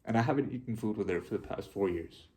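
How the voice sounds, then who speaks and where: A young man talking to his viewers, heartfelt and halting, often restarting his sentences. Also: lowish voice, darkish tone. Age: young adult. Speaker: vlogger. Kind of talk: personal reflective monologue.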